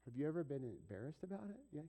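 A middle-aged pastor delivers a sermon in a loose, conversational way. He often checks in with the congregation through quick rhetorical questions and acts out small scenes as he goes. His voice sits a little high, with a warm, mellow tone. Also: very animated. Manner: conversational preaching with rhetorical questions and acted-out asides.

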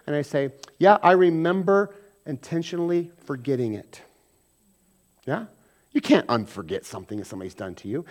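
Conversational preacher, man, slightly high voice. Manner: conversational preaching, swings between loud emphasis and quiet asides; acts out everyday quarrels in quick mock voices. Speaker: pastor. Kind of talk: sermon.

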